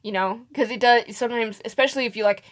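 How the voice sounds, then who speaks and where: Young woman, higher voice, casual chat, animated storytelling, mimics customers. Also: fast talker. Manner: animated storyteller, acts out customers' lines, laughs often. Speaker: podcast co-host.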